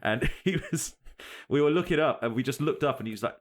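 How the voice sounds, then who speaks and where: A man's voice: medium pitch, brisk. A young man, co-hosting a casual podcast, telling stories with lots of laughter and fillers. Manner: lively storyteller, laughs often, many fillers. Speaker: podcast co-host. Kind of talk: casual banter.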